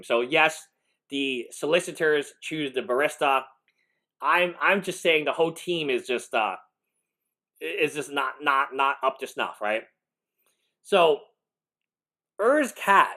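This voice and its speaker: A man's voice: fairly high pitch, sharp tone. Incredulous man reacting live. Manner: incredulous, laughing, rambling with restarts. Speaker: lawyer streamer reacting live.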